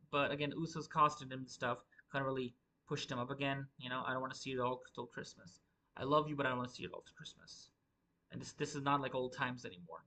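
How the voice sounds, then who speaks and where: A man's voice: medium pitch, bright, forceful tone, low-quality recording. A man giving a rambling, profane live review of a wrestling show, stumbling and restarting his sentences often.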